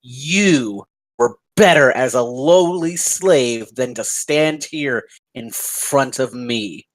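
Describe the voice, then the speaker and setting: A man voicing an arrogant, power-mad male mage who speaks slowly and contemptuously. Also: mid-range voice, natural voice, rough recording. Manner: slow, contemptuous, drawn-out insults.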